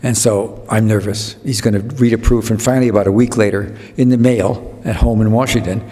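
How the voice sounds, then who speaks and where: A man's voice: on the low side, fairly even intonation, brisk, dark tone. Older man telling rambling stories in a reverberant hall. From United States. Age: 80s. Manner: rambling, with self-interruptions and restarts; acts out other people's lines in quotes. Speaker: guest speaker. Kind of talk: storytelling anecdotes at a public talk.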